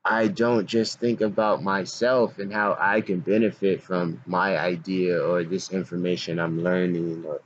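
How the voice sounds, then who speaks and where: A man's voice: sits low, highs cut off, a little hiss or hum. A man rambling in a casual vlog monologue, slangy and self-mocking, often breaking into laughs. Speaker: vlogger.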